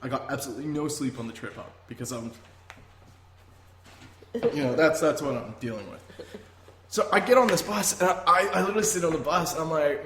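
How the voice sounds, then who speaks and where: A young man, a guest telling travel stories in an animated, rambling, self-amused way. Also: fairly high pitch, brisk. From Canada. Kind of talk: casual storytelling. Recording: echoey room, faint noise.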